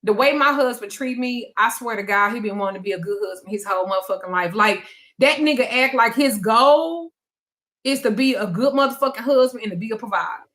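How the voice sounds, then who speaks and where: A woman hosting a live call-in talk show, telling a personal story in a blunt, profane and animated way. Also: a little high, brisk. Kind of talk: casual storytelling chat.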